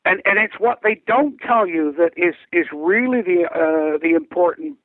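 An older man speaking as a guest over the phone, explaining things deliberately and often repeating words as he restarts. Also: high voice, expressive, husky, dry recording. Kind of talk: phone interview, recounting and explaining. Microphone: telephone. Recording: tinny phone line.

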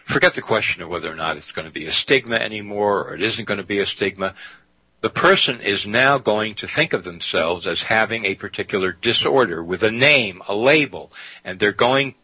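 A man's voice: lowish voice, animated, brisk, bright, forceful tone, slightly rough, no echo, low-quality recording. A man hosting a talk radio show, speaking emphatically and often saying "you see". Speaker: guest radio host.

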